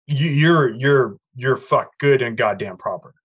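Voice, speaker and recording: A man's voice: mid-range voice, unhurried, husky. An American man on a casual, profane podcast, reading news stories aloud and ranting about them between lines. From United States. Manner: crude, animated, reads news aloud with ranting asides. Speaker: podcast co-host. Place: Los Angeles area.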